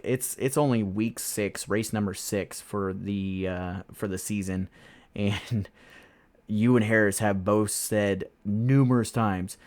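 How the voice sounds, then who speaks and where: Low, smooth-voiced man hosting a podcast. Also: a little mellow. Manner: rambling with many fillers, laughs at himself. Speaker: podcast host and sim racing driver. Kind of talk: casual chat.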